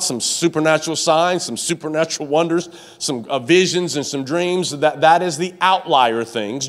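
Preaching a sermon, a male pastor relays a story with plenty of stuttering false starts. To bring scenes to life, his voice springs up high.

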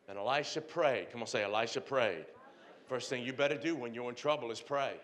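A man pastor preaching a sermon with call-and-response, swinging from shouted lines to hushed ones. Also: medium pitch, brisk.

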